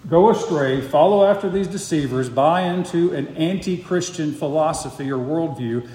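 A man's voice: a little high, a little mellow. A man preaching a sermon as pastor, earnest and emphatic, pressing his points with rhetorical questions. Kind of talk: expository sermon. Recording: echoey hall with long reverb.

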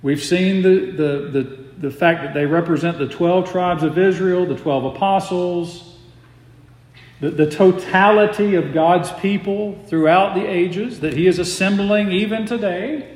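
Pastor, male, slow deliberate emphatic sermon delivery, slightly high voice, roomy sanctuary echo. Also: a little mellow. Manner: measured, emphatic preaching with slowed stressed phrases. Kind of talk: expository sermon.

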